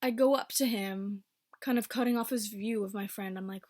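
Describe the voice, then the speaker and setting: A woman in her twenties telling a casual storytime, blunt and swearing freely, with quick bursts between slower stretches. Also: medium pitch, steady tone, darkish tone. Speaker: vlogger.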